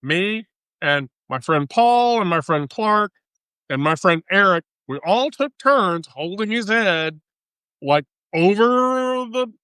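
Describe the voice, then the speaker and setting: A woman hosting a live stream, telling a story in casual chat, animated and profane, laughing often. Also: lowish voice, slow, clean tone, no echo.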